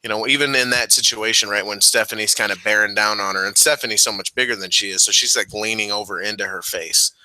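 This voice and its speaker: A man co-hosting a wrestling podcast, chatting casually, swearing freely and laughing loudly at his own jokes. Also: fairly low pitch, fairly even intonation, fast, hardly any pauses, dry recording, rough recording. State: giddy from cold medicine. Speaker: podcast co-host.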